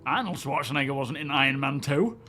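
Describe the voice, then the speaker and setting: A man's voice: mid-range voice, lively intonation, fairly quick, sharp tone, faint music behind. A man hosting a live stream, chatting casually and greeting viewers as he rambles.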